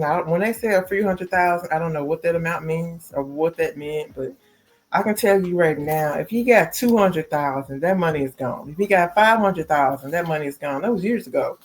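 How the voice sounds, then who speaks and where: Podcast host, woman, lower voice, chatty gossip delivery, faint background music. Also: normal speed, darkish tone. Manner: chatty, addresses listeners as y'all and baby. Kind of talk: casual celebrity gossip commentary.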